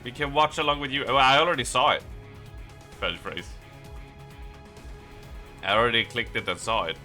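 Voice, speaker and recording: A man's voice: medium pitch, steady tone, moderate pace, pushed and bright, faint music behind. A young man chatting casually on a live stream, rambling with lots of fillers, his voice a little strained and worn.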